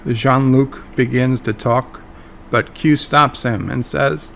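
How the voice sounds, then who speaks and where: A man's voice: mid-range voice, steady tone, takes it slowly, creaky, a bit bright, slight background noise. A man hosting a fan video, speculating casually and joking about his own weak impressions. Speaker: video host.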